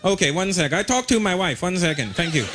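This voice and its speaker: A man's voice: high voice, lively intonation. A comedian voicing a stubborn male mall shopkeeper who haggles and lectures in broken English. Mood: haggling. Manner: broken English, drawn-out and insistent. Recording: live stand-up recording, loud background noise.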